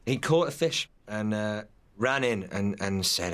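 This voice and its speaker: A man's voice: fairly low pitch, lively intonation, unhurried, a bit bright. A man interviewed for a film documentary, telling anecdotes from the set. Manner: storytelling, mimics others in quotes.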